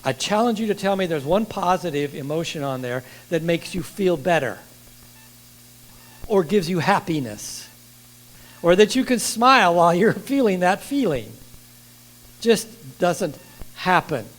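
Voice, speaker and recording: An older man preaching a sermon in a church, lively and asking the congregation questions. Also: high-pitched, unhurried, pauses often, low-quality recording.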